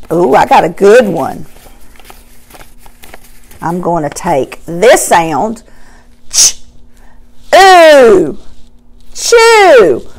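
A woman teaching young children a phonics lesson, cheerful and sounding out words slowly. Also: high-pitched, low-quality recording.

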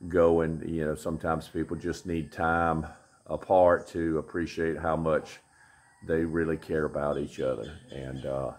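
A man's voice: a bass voice, little pitch movement, a little slow, a little mellow. A middle-aged man with a Southern US accent, giving a rambling, folksy vlog update full of fillers. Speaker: vlogger. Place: outdoors on a tropical building site.

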